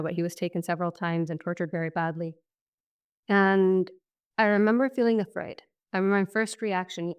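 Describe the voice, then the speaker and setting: A woman in her thirties from Syria tells her story as a podcast guest. Her voice sits slightly low and comes across smooth and clean. She talks casually and reflectively, leaning on plenty of fillers. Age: 30s. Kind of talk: personal testimony in conversation.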